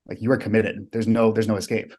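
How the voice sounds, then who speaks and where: An American coach to clients, appearing as a podcast guest, tells stories vividly and emphatically with blunt swearing. His lowish voice is warm and level in tone, and he talks fast.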